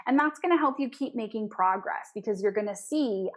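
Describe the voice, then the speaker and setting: A woman dietitian, a guest in a casual interview, who talks with quick bursts of enthusiasm. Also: mid-range voice, lively intonation.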